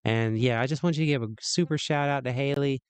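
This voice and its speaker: Mid-pitched male streamer, playful rambler, crisp dry mic. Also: quick pace, no echo. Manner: rambling and playful, many restarts. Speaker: livestream host. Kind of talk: casual stream chat.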